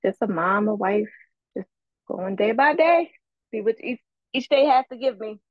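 Woman co-host, hoarse from illness, matter-of-fact, muffled dry recording. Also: medium pitch, animated, normal speed, no room sound. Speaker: podcast co-host. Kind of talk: casual podcast chat.

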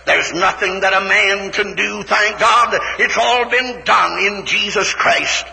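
A man from West Virginia, preaching a fervent old-time revival sermon that climbs into shouted peaks. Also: high voice, takes it slowly, creaky. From West Virginia, USA. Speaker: evangelist preacher. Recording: reverberant hall recording.

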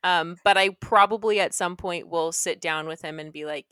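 A young woman co-hosting a podcast, chatting casually in an animated, rambling way and laughing often. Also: on the low side, normal speed, hardly any pauses, clean tone, dry recording, clean studio sound. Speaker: podcast co-host. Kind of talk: casual chat.

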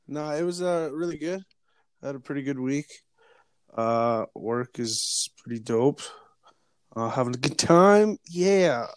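A man's voice: medium pitch, animated, unhurried, smooth, dry recording, studio quality. A young man co-hosting a podcast in casual chat, laid-back and laughing, with a sprinkling of swearing. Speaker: podcast co-host.

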